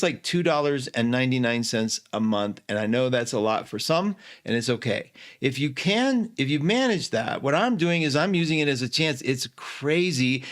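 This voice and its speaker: A man's voice: a little high, fairly bright tone. A man hosting a casual astrology live stream, effusive, greeting viewers by name and laughing often.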